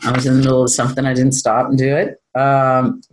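A spiritual teacher talks loosely and candidly from a room at home. The tone is self-deprecating, with frequent laughter, and the pitch sits in a middling range. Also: level tone, rapid-fire, darkish tone, slight background noise, low-quality recording. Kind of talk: informal spiritual talk.

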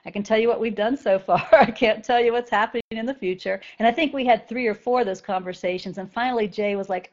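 A woman's voice: on the high side, fast talker, hardly any pauses, darkish tone, highs cut off. A woman spiritual teacher talking conversationally to a group of students and often checking in with "right?".

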